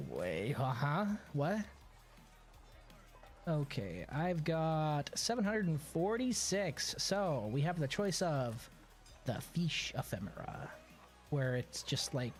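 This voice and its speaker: A man streaming a game, telling a story in a sarcastic, animated way and often chuckling as he plays. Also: fairly high pitch. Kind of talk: casual gameplay commentary and storytelling.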